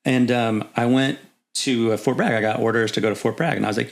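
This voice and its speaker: A man's voice: medium pitch, fairly even intonation, brisk. A middle-aged man, an army officer as podcast guest, telling long casual anecdotes peppered with "you know" and acting out the voices in his stories. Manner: rambling anecdotes, many "you know" fillers, acts out voices in quotes. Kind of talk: casual storytelling.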